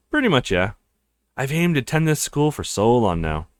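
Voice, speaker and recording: A man's voice: mid-range voice, sing-song, moderate pace, close to an everyday voice. A man playing a chatty young law student. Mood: friendly. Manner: friendly and chatty.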